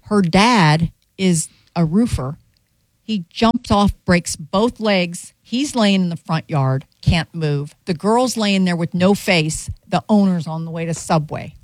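Radio co-host, woman, low voice, dry studio sound, animated storyteller. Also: slow pace, dry recording. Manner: animated storyteller acting out dialogue. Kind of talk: casual chat, storytelling.

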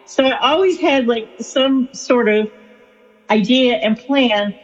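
Woman interviewee, storytelling, breathy voice in a reverberant space. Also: on the high side, slow pace. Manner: chatty and storytelling, with fillers and laughs. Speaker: author and spiritual counselor. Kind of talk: conversational interview answer. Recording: lo-fi with long reverb.

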